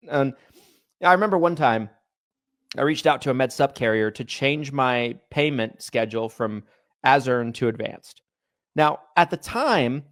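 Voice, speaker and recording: A man co-hosting a casual podcast, his mid-pitched voice recorded close and dry. He tells stories with energy and puts on the voices of the people he quotes. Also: no room sound. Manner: animated storyteller, acts out quoted people. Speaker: podcast co-host.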